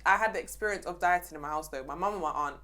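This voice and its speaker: Brief: woman co-host, fairly low voice, lively chat with laughs. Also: racing. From Jamaican household in the UK. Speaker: podcast co-host. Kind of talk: casual chat.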